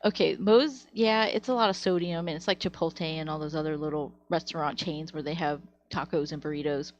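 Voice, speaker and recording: Laughing, animated woman telling stories. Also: low voice, brisk, dull audio, a little hiss or hum. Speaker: live streamer. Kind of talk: casual storytelling to chat.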